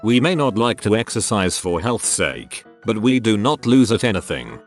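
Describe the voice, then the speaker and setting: A man narrating online stories in a steady, scripted reading style. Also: on the low side, normal speed. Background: faint background music.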